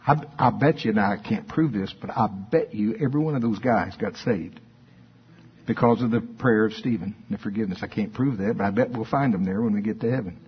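A man's voice: fairly low pitch, fairly quick, breathy edge, lo-fi sound. A man preaching a sermon in a church, moving between emphatic questions and folksy asides. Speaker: pastor.

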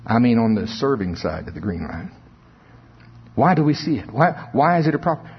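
A man preaching a sermon, swelling into emphatic high notes and laughing between points. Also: big pitch swings, moderate pace, breathy edge. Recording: lo-fi reverberant hall recording.

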